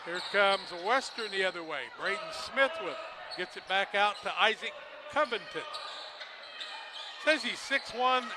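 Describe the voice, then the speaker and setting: A man doing play-by-play commentary of a high school basketball game, brisk and loud on made shots. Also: lively intonation. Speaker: play-by-play announcer. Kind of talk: local radio sports commentary. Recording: noisy gym broadcast. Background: gym ambience, basketball bouncing.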